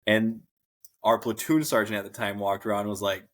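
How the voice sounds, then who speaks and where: A man's voice: on the low side, fairly even intonation, a little fast. A man casually telling army stories on a podcast, laid-back and profane. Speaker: podcast co-host, army veteran. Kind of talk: casual storytelling chat.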